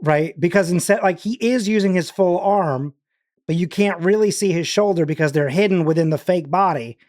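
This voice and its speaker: A man's voice: high voice, moderate pace, darkish tone, no echo, clean studio sound. A man hosting a livestream in casual, rambling chat, full of fillers and restarts. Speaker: livestream host.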